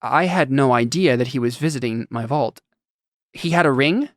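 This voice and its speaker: A man voicing a troubled young noblewoman who speaks quietly and carefully. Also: medium pitch, moderate pace, dry recording, clean studio sound, lightly acted.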